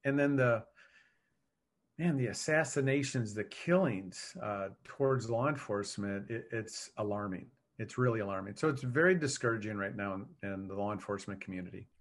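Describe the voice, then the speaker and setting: Earnest, measured police officer guest. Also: male voice, lowish voice. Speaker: law enforcement officer, guest. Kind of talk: interview answers.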